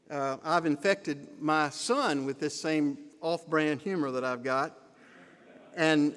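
A man's voice: on the high side, clean tone. Folksy older man preaching in a reverberant hall. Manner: folksy, gently humorous storytelling. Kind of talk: sermon with personal stories. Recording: long reverb of a large hall.

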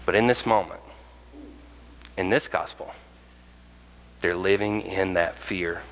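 A man delivers a sermon as pastor, his lowish voice bright and forceful. He animates his stories by acting out the voices of the people in them. The sound carries the long reverb of a large hall. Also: slow pace. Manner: animated, acts out quoted voices.

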